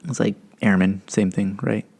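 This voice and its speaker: Gravelly low-voiced man telling a story. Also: normal speed. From California, USA. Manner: relaxed, rambling, acts out quoted voices. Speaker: podcast guest. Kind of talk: casual storytelling.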